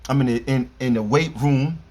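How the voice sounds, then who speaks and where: A man's voice: mid-range voice, moderate pace. A man, ranting casually about basketball with slang and rambling asides, talking straight to his fans. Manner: animated, rambling, street slang. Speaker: sports commentator. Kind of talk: casual sports rant.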